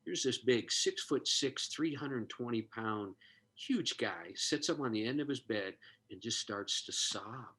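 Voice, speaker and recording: A man's voice: mid-range voice, expressive, a little slow, pushed and bright, slightly rough. A man telling a heartfelt story in conversation, earnest and moved, acting out the dialogue he recounts. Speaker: guest, suicide prevention expert.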